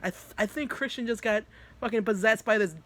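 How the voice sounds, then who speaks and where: A hot-tempered young woman who panics fast, her voice jumping high and loud, as a male storyteller puts her on. She sounds shrill and alarmed. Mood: panicked. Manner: shrill, startled.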